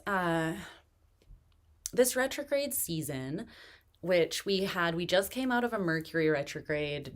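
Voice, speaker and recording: Woman tarot reader, fairly low voice, casual rambling stream talk, a bit short of breath. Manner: relaxed, rambling, many fillers and restarts. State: recovering from pneumonia, speaking slowly to catch her breath. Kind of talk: casual live-stream chat.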